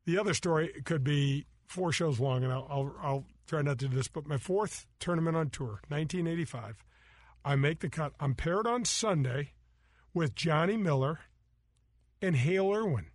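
A middle-aged man hosting a golf show, telling stories in animated, casual chat, acting out voices and laughing often. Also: fairly high pitch, moderate pace, no echo.

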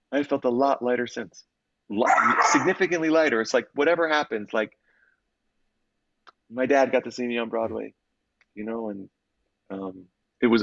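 A man, an actor and guest in an interview, telling stories in an animated and expressive way with frequent restarts. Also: mid-range voice, gravelly, dry recording. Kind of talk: conversational interview storytelling. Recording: slightly dull, dry audio.

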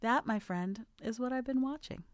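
A woman's voice: fairly high pitch, moderate pace, loud music behind the voice. A woman hosting a podcast in casual chat, gushing and playful with lots of slang. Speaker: podcast host.

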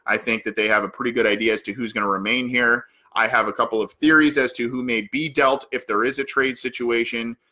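A man's voice: mid-range voice, fairly even intonation, a little fast, hardly any pauses, pushed and bright. A man hosting a sports podcast, giving solo analysis of a football game, thinking aloud with many fillers and restarts.

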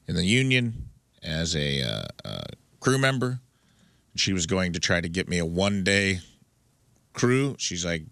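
A man's voice: lowish voice, fairly bright tone, no room sound. A man, a comedian and regular on the show, telling laid-back stories in casual podcast chat. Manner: laid-back storyteller, drawn-out anecdotes.

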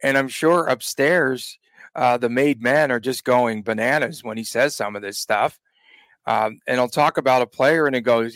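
A man's voice: mid-range voice, normal speed, fairly bright tone, no room sound. A man co-hosting a sports podcast, joking and rambling in casual chat. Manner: joking, rambling, laughs often. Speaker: podcast co-host.

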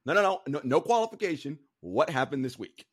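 A man co-hosts a loose, conversational show and talks to his listeners like friends. His pitch leaps around in lively swings. He doubles back and repeats words as he works through a point. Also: brisk, husky. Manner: animated, rambling, repeats words while thinking. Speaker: podcast co-host. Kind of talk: casual chat.

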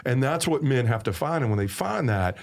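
A man with a Southern drawl tells his faith story on a talk show. He speaks earnestly and with emphasis, repeating the phrases he wants to land, in an ordinary mid-pitched voice. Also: lively intonation, brisk, creaky. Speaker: podcast guest. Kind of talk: personal faith testimony in conversation.

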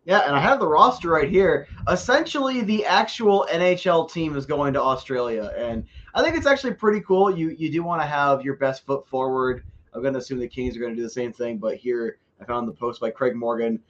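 A man's voice: medium pitch, animated, fairly quick, few pauses, fairly bright tone, dull audio. A man co-hosting a casual hockey podcast, chatty and self-deprecating, often stumbling over repeated words. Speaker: podcast co-host. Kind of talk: casual sports podcast chat.

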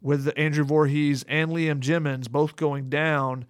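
A man's voice: fairly high pitch, little pitch movement, a little slow, smooth, no echo, clean studio sound. A man with a Southern American accent, co-hosting a casual sports podcast and breaking down the players with lots of "you know" fillers.

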